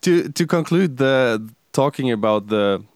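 Hesitant man hosting with a smooth voice. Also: mid-range voice, animated, a little slow, dry recording, studio quality. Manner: hesitant, many ums and uhs. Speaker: podcast host. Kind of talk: casual interview hosting.

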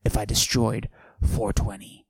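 A man playing a boastful macho character, pushing his voice low and husky and often dropping to a whisper while he brags deadpan. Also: a little slow, no room sound, heavily acted. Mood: swaggering. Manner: boastful, deadpan absurd bragging. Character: cocky macho man with a forced deep voice. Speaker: podcast host. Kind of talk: comic character monologue.

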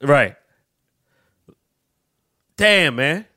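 A man with a fairly high, bright voice that swings widely in pitch trades crude stories on a casual podcast. His delivery is animated and full of profanity. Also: drawn-out words. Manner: profane, laughing, animated storytelling. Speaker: podcast co-host. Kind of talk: casual comedic banter.

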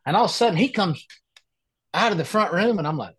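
A man telling a funny story in an animated way as a guest on a casual chat, speaking over a video call. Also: sits high, quick pace, husky, dry recording. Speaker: guest, professional golfer.

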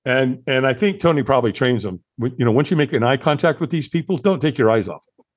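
A man in his sixties from California, a podcast guest telling a story with lively acted-out dialogue. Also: mid-range voice, fast talker. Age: 60s. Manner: animated storyteller acting out dialogue.

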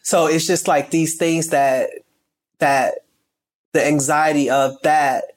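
Interview guest: a stylist from Chicago with a Chicago accent, emphatic and rambling. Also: male voice, on the high side, steady tone, takes it slowly. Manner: emphatic, rambling with many restarts. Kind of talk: candid interview talk.

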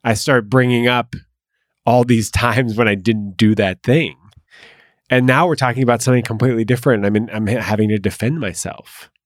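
A man's voice: medium pitch, fairly even intonation, a little fast, no echo, studio quality. A man hosting a podcast, reflective and searching for his words as he asks and shares. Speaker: podcast host. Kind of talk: podcast conversation.

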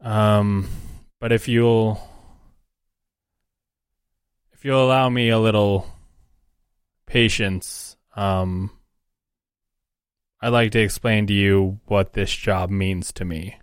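Man playing a grieving orc prince at a game table, low-voiced, slow and halting. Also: fairly even intonation, smooth, dry recording, clean studio sound. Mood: earnest. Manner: halting, soft-spoken, hesitant. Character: grieving young male orc prince, earnest. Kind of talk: tabletop role-play in character.

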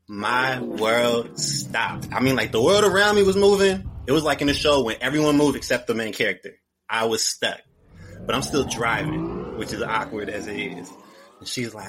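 A man's voice: mid-range voice, expressive, normal speed, fairly bright tone, a little hiss or hum. A young man telling a personal story in a casual, slangy way, often repeating his phrases.

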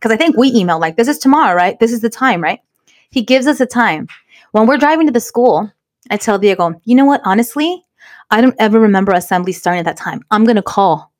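A woman co-hosting a podcast, telling a story in an animated, emphatic way. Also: fairly high pitch, quick pace. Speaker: podcast co-host. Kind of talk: casual storytelling chat.

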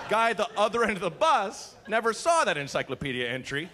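A man from Portland doing a stand-up comedy set, telling animated stories and acting out characters, with swearing. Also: a little high, fast talker, hardly any pauses, crowd noise. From Portland, USA. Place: comedy club stage.

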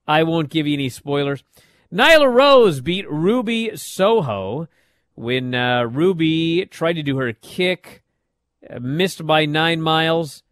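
A middle-aged man hosting a wrestling recap show, telling the matches in a lively, up-and-down casual way. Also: medium pitch, no room sound, clean studio sound. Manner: animated storytelling, swings loud and soft.

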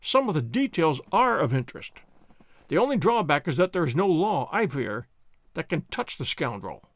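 A man reading an audiobook, voicing a calm, confident male detective who speaks in a measured, suave, lecturing way. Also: on the high side, no room sound, clean studio sound. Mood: dismissive.

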